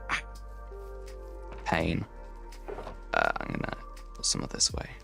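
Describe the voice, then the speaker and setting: A man's voice: measured pace, sharp tone, faint music behind. A young man from the English Midlands with a Midlands accent, chatting casually on a game livestream and answering chat while he builds. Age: young adult. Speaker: streamer.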